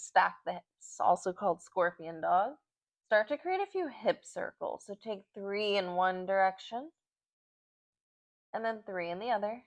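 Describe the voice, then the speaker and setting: A woman's voice: mid-range voice, a bit bright. A woman leading a yoga class at home, giving short breath-paced cues while doing the poses and getting out of breath. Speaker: yoga instructor.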